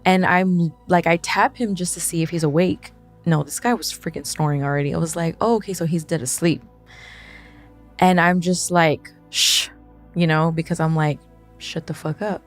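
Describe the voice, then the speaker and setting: A woman telling a ghost story in a casual, animated way, acting out the quotes and swearing as she goes. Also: on the low side, moderate pace, soft background music. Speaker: guest.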